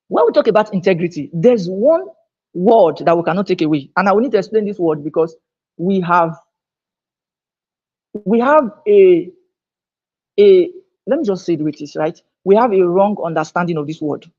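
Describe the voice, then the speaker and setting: A woman speaking at a business seminar. She talks emphatically, repeats her words as she restarts phrases, and climbs higher and louder on her key points. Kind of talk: motivational business seminar talk. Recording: dull lo-fi sound.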